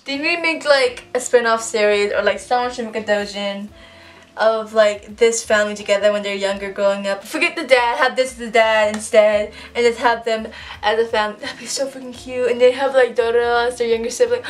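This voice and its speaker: Gushing excitable woman, slightly off-mic. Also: on the high side, a little fast, far from the mic. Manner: gushing, excitable, swears casually. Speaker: vlogger unboxing fan merch. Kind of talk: casual unboxing chat. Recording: voice a bit off-mic, soft music behind.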